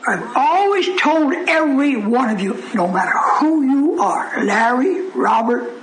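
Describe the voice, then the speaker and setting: High-voiced preacher in an echoing church. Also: male voice, sing-song, a little slow, a little hiss or hum. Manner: emphatic preaching with repeated rhetorical questions to the congregation; laughs often while preaching. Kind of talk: sermon. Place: church before a congregation. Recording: echoey room with a responding congregation.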